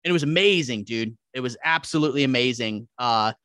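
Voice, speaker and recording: A man telling animated, profanity-laced stories as a podcast guest in casual chat. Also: medium pitch, fairly quick, no echo, studio quality. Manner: profane, animated, acts out quotes.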